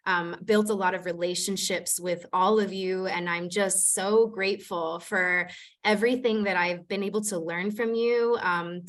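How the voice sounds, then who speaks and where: A woman's voice: mid-range voice, steady tone, moderate pace. A woman, a city planner, leading a community committee meeting over a video call, chatty with many filler words. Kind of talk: online meeting facilitation.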